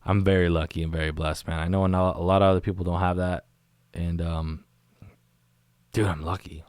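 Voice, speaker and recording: A man's voice: sits low, flat delivery, a little fast, darkish tone, clean tone, no room sound. A man hosting a casual solo podcast from a small studio, rambling in a laid-back way and saying dude and man constantly. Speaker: podcast host. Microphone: studio microphone on camera.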